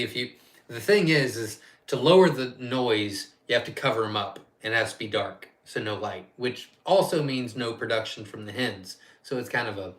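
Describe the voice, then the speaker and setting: A man's voice: medium pitch, sharp tone. Guy running a farm live stream q&a, rambly and chatty, reads out the chat and just answers. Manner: chatty and rambling, reads viewer questions aloud and answers off the cuff. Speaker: quail farm owner hosting a live Q&A.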